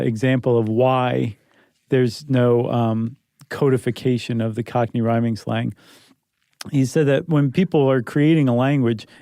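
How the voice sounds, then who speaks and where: A man's voice: medium pitch, warm tone, no room sound. Dry-sounding podcast co-host, joking man. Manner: joking, conversational, trails off and restarts. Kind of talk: casual chat.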